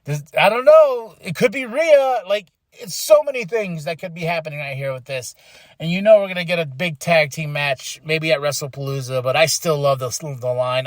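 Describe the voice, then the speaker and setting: A man hosting his own podcast, giving an animated solo recap, acting out quotes and breaking into excited shouts. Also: a little high, moderate pace, no echo, studio quality. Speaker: podcast host reviewing wrestling.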